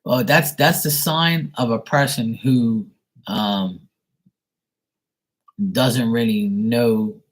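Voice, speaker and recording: A man's voice: medium pitch, extremely slow, long pauses, low-quality recording. A man reading tarot on a live stream, talking in a rambling, chatty way and swearing freely. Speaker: tarot reader. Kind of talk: casual live-stream talk.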